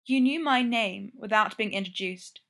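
A woman reading the lines of a cool, commanding female spy, calm and clipped. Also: mid-range voice, moderate pace, creaky.

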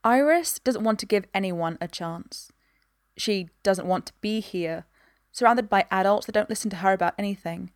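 A woman reading a story aloud in an even, gentle voice. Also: medium pitch, moderate pace, dry recording, clean studio sound. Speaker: narrator.

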